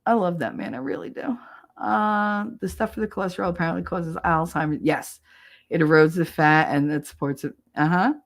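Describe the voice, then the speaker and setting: A woman from New Jersey hosting a casual livestream, chatty and animated, laughing often and jumping into loud high yelling when she acts out a scene. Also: brisk. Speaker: livestream host.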